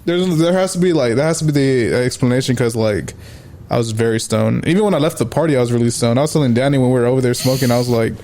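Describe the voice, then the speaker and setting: A man's voice: mid-range voice, fast, mellow. A young man co-hosting a podcast in casual chat, reacting with laid-back, profane remarks. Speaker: podcast co-host.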